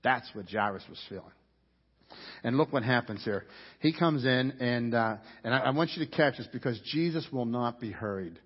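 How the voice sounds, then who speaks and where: A man's voice: medium pitch, expressive, moderate pace. A man preaching a sermon as pastor, earnest and conversational, repeating his key points for emphasis. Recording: dull lo-fi audio with long hall reverb.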